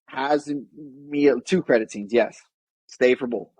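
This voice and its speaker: A man's voice: medium pitch, a little slow, a little mellow, no echo, rough recording. A man co-hosting a podcast, chatting casually in a rambling, wry way and often correcting himself mid-sentence. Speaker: podcast co-host. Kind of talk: casual chat.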